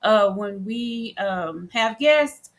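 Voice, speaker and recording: A woman's voice: mid-range voice, lively intonation, extremely slow. A woman from Texas, co-hosting a casual live stream and chatting as she greets viewers by name.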